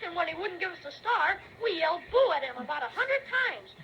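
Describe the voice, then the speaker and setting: A woman voicing an excited, bold young boy in 1930s radio drama style. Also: very high voice, fairly quick, creaky, a little hiss or hum, exaggerated voice, rough recording. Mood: eager.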